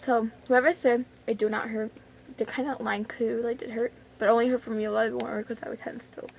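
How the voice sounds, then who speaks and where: A woman's voice: a little high, level tone, quick pace, creaky, muffled recording, slight background noise. A young woman vlogging in a chatty, dramatic way, full of fillers and exclamations. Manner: chatty, dramatic, lots of "like" and "oh my God". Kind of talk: casual vlog storytelling.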